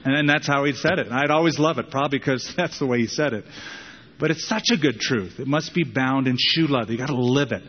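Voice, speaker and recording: A male pastor preaching in a conversational, emphatic style, often repeating key phrases and jumping up in pitch to stress a point. His voice sits mid-range for a man. The recording is dull and lo-fi, with the long reverb of a large sanctuary. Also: quick pace, breathy edge. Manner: conversational, repetitive emphasis, dramatic pitch jumps. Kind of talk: sermon. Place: church sanctuary with pulpit.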